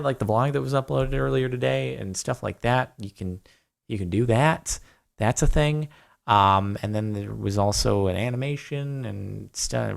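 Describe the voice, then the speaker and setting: A man's voice: mid-range voice, creaky. A young man answering viewer questions on a livestream in a casual, rambling way, with lots of fillers and dry humor.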